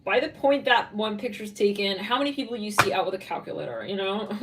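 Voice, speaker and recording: A woman's voice: mid-range voice, animated, brisk, distant mic, heavy background noise. A woman with a Californian accent giving a casual, rambling tarot reading, laughing often and saying "like" a lot. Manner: rambling, giggly, lots of "like". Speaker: tarot reader.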